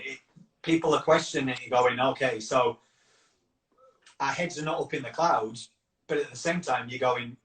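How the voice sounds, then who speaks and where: A man hosting a live video call, earnest and rambling, circling back to restart his thoughts. His voice is mid-pitched and sounds set back from the mic in a roomy space. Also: a bit bright. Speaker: campaign founder and host. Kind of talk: casual live chat. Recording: roomy echo, distant from the mic.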